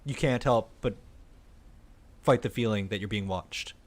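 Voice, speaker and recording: A man narrating a tabletop game as game master, halting often with uh and um as he describes the scene. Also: lowish voice. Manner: halting, full of uh and um fillers.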